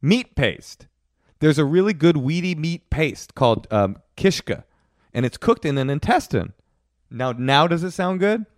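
A man's voice: on the high side, very animated, a little slow. A man co-hosting a comedy podcast, his voice rising and falling a lot as he teases and feigns outrage. He laughs often. The sound is close and dry, with no room echo. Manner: teasing, mock-indignant, laughs often. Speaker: podcast co-host. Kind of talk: comedic casual chat.

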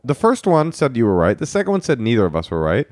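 A man's voice: mid-range voice, wildly swooping pitch, fast talker, darkish tone, no echo, clean studio sound. A man co-hosting a podcast, playfully arguing his side and reading listener emails aloud. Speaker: podcast co-host. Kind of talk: casual banter.

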